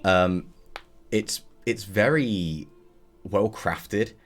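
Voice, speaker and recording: Deep-voiced male game master. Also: extremely slow, faint music behind. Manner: casual, rambling, with fillers and chuckles. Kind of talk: narrating a tabletop game.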